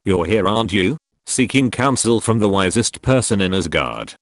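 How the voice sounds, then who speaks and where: Man reading as a wise gentle queen mother, measured, low voice, lively intonation. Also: no echo, clean studio sound, lightly acted.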